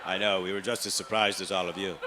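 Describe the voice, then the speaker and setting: A man doing stand-up comedy in a club, telling deadpan stories about his family and chatting with the crowd. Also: low-pitched, fast, noisy background. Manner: deadpan storytelling, loud put-on voices for family.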